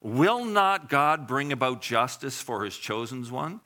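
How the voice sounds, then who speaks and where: A man's voice: mid-range voice, sing-song, a little slow, pushed and bright. A man preaching a sermon in a conversational way, asking the congregation questions and acting out short voices. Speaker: pastor.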